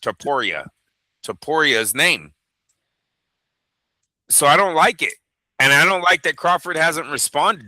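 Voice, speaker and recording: A man's voice: on the high side, animated, unhurried, long pauses, bright, forceful tone, no room sound, poor audio. A man co-hosting a fight news show, giving blunt, opinionated takes with plenty of swearing. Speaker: boxing show co-host. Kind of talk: casual profane news chat.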